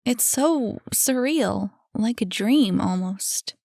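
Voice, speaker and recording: Narrator doing a high, earnest young goblin woman, bright and eager, for a storybook read. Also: animated, slow, gravelly, no echo, studio quality, exaggerated voice.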